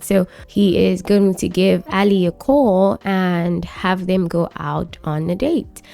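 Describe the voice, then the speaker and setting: A woman casually narrating her life-sim gameplay, chatty and full of fillers. Her voice is mellow and warm with a steady gravelly fry. Faint music runs behind her. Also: mid-range voice, slow, hardly any pauses. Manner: chatty, filler-heavy, narrating and voicing characters. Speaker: let's play host. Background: faint background music.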